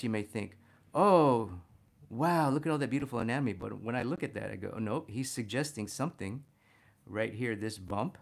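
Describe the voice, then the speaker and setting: A man teaching a figure drawing lesson as he sketches, talking warmly to viewers as "my friends" and getting excited about the details he spots. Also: lowish voice, gravelly. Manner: enthusiastic, talks to "my friends" while drawing. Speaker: art instructor.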